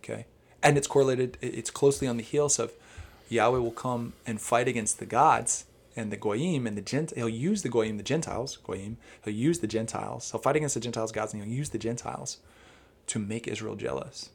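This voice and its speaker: Man, gravelly low-key timbre, Bible teacher on a casual podcast, wanders and circles back. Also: fairly quick. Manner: rambling, animated explainer who quotes Hebrew.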